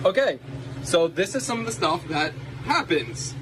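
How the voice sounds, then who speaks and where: A man's voice: high-pitched, sing-song, moderate pace. A young man filming on his phone inside a walk-in freezer, out of breath and joking as he talks to spirits. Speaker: restaurant worker. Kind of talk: casual phone-camera clip. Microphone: phone camera. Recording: noisy phone video. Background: refrigeration hum.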